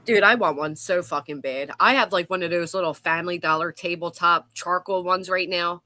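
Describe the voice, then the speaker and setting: A woman's voice: on the low side, moderate pace, sharp tone. A woman hosting a livestream, chatting casually and swearing freely. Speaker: stream host. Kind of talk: casual chat.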